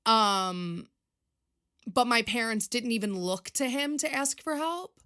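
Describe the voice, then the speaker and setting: On her own casual podcast, a young woman from Long Island, New York, speaks slowly in a slightly high voice that is pushed and bright, with a clean tone. Her solo chat wanders, turning confessional and emotional.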